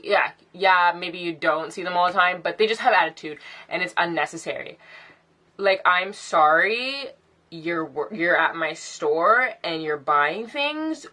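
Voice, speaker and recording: A woman's voice: fairly low pitch, sharp tone. A young woman ranting casually to camera in a vlog, sassy and exasperated, with lots of "like". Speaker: vlogger.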